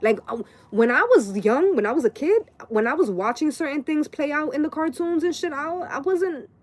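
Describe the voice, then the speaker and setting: A woman's voice: high-pitched, expressive, normal speed. Profane, rambling woman in her late thirties. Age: late 30s. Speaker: tarot reader. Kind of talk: casual live-stream rant.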